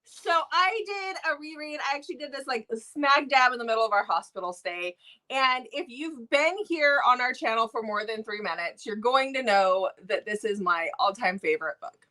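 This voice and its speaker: A woman with a bright, slightly high voice chatting casually as a book review co-host. She gushes and retells plots with many restarts. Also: normal speed. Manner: gushing, self-interrupting, animated storytelling.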